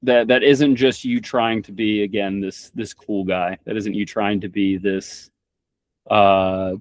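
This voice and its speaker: A man's voice: lowish voice, fairly even intonation, unhurried, dry recording. Podcast guest, young Kentucky man, stammering restarts, blunt and profane, dry mic. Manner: rambling, frequent restarts and stammered repeats; blunt, swears freely. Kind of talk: casual conversation.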